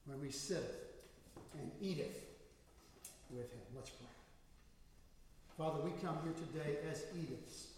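A man's voice: on the high side, slight background noise. A man as pastor, preaching a sermon in a church with storytelling that rises to emphatic bursts. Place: church sanctuary. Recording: echoey hall from far off.

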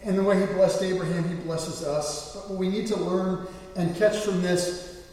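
A middle-aged man preaching a sermon, earnest, rising louder when he quotes scripture. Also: high-pitched, flat delivery, moderate pace. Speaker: pastor. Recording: echoey hall, voice from far off the mic.

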